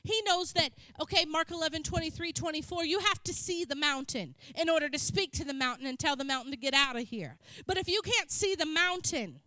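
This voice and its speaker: A woman preaches to her congregation in a chatty, joking way. Her voice sits very high and sounds bright and sharp. The sound is dry and close, with little room echo. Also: animated, a little fast, hardly any pauses. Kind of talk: sermon. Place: church.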